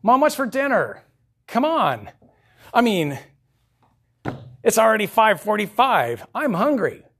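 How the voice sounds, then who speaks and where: A man's voice: high-pitched, wildly swooping pitch, slow, vocal fry, long pauses, fairly bright tone, slight background noise, voice pushed up, heavily acted. A male pastor voicing a whiny, demanding hungry child in his sermon. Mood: impatient.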